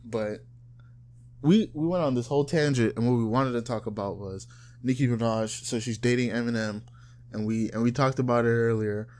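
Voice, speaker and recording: A man's voice: mid-range voice, moderate pace, a little mellow. A man from South Florida co-hosting a casual podcast chat, loose and profane, often mimicking people in put-on voices. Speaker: podcast co-host.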